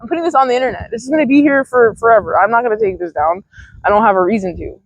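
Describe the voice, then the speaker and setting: A chatty young woman with a fairly high voice rambles through mindfulness tips in a casual, swear-sprinkled way. She talks outdoors into a handheld phone, and the sound is close and dry. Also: very fast, no echo, poor audio. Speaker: mindfulness vlogger. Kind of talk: casual rambling self-help talk. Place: outdoors in a field.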